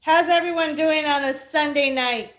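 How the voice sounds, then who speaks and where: A woman's voice: high voice, normal speed, fairly bright tone. A woman hosting a casual livestream podcast, blunt and playful, swearing freely as she chats with viewers. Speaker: podcast host. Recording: echoey room.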